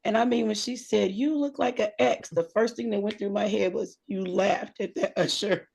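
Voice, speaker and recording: Female co-host, animated storyteller, slight vocal fry, casual delivery. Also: medium pitch, moderate pace, a little hiss or hum. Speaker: podcast co-host.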